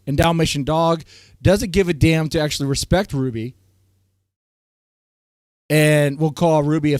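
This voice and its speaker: A man streaming live, ranting at his chat in a heated, swinging way, his voice strained and often cleared. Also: no echo, studio quality. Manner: heated, swings from loud outbursts to low muttering. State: voice strained, keeps clearing throat. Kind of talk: ranting livestream commentary to chat.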